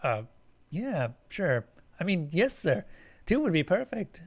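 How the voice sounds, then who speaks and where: A man's voice: high voice, sing-song, slow, voice pushed up, exaggerated voice. A man doing a flustered, stammering young man. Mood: nervous. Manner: hesitant, stammering.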